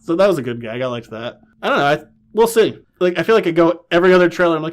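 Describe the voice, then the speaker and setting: A man co-hosting a casual pop culture podcast, talking in a wry, dismissive way with quick asides. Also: on the high side, lively intonation. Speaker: podcast co-host.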